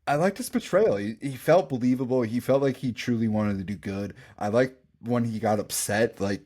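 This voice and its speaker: A man hosting a casual podcast chat who talks in an animated way and jumps up in pitch when he gets excited. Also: moderate pace. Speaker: podcast host.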